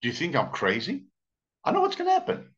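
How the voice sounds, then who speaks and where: Wary incredulous turtle, put on by a man, high and animated, lo-fi. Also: fast talker. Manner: incredulous, suspicious. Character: wary strong-swimming male turtle in a fable.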